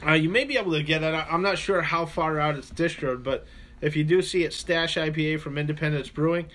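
A man's voice: fairly high pitch, fast talker, fairly bright tone, slight background noise. A man co-hosting a radio show, chatting casually and rambling with lots of fillers. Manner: laid-back, rambling, many fillers. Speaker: radio show co-host reviewing beer. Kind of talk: casual chat.

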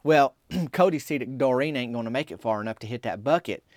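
A man telling a rambling, folksy small-town story, raising his pitch to quote the people in it. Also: lively intonation, brisk, dry recording, studio quality. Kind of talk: folksy comic storytelling monologue.

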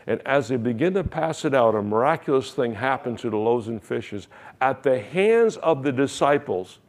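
A man's voice: mid-range voice, lively intonation, normal speed. A man, a pastor, preaching a sermon with emphatic, repeated phrases and rising questions.

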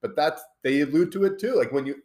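A man's voice: on the high side, fast, darkish tone. A man co-hosting a podcast, chatting casually about a film and talking around his points with lots of restarts. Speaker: podcast co-host.

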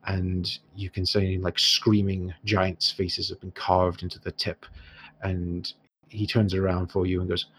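A man acting as game master, narrating a tabletop game in a relaxed, descriptive way. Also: low-pitched, unhurried, slight background noise. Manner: relaxed, descriptive, laughs easily.

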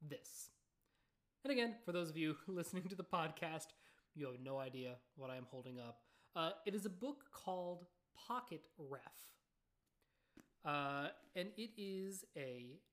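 A young adult woman hosting her own podcast in a casual, rambling chat, full of fillers and friendly asides. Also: deep voice. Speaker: podcast host.

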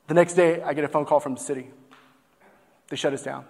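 Young man from Texas, earnest stage storyteller, slightly high voice, long hall reverb. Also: steady tone, quick pace, long pauses, a little mellow. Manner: earnest, heartfelt storytelling with frequent fillers. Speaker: barbecue business owner giving a talk. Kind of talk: personal story told on stage.

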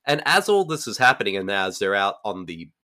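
A man's voice: fairly low pitch, brisk. A man hosting a podcast, retelling horror stories in casual, enthusiastic chat. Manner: animated, enthusiastic retelling with fillers. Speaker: podcast host.

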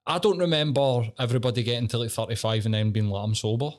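A man's voice: mid-range voice, animated, quick pace. A Scottish man in casual podcast chat, bantering, laughing often and swearing freely.

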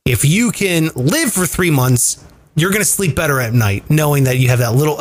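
A man hosting a casual chat show, explaining money tips with emphatic, profane energy. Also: on the high side. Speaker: podcast host.

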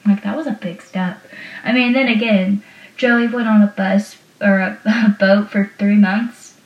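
A woman's voice: medium pitch, fairly even intonation, measured pace. Young woman, casual recapper, chatty and laughing, lo-fi room sound. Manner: chatty, laughs often, many fillers. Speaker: show recapper. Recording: roomy, distant, dull lo-fi sound.

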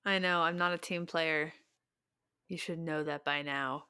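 Young woman podcast cohost, smooth clear voice, teasing, laughs a lot, dry mic. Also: low-pitched, steady tone, a little slow, bright, forceful tone, no room sound. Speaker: podcast co-host and editor. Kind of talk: casual chat.

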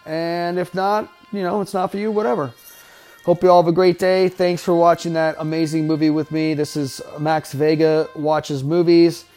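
A man's voice: fairly high pitch, flat delivery, normal speed, darkish tone, faint music behind. A man hosting a podcast, giving casual, wisecracking, profanity-laden commentary while watching a movie. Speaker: podcast host. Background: faint film soundtrack.

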